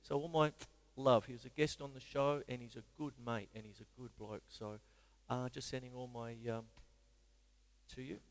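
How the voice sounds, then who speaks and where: A man's voice: medium pitch, steady tone, normal speed, long reverb tail. A man with an Australian accent hosting a casual live-stream drum lesson, chatty and rambling with self-mocking asides. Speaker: drum teacher and show host.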